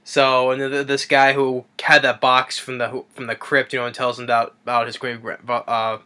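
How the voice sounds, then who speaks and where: A man's voice: mid-range voice, monotone, moderate pace, bright, forceful tone, clean tone. A man casually recapping a comedy film, rambling and chuckling as he retells the scenes. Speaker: movie reviewer.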